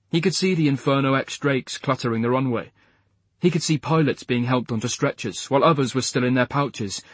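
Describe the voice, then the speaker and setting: A man narrating an audiobook in a measured, even storytelling manner. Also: mid-range voice, slightly rough, dry recording. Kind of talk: scripted narration.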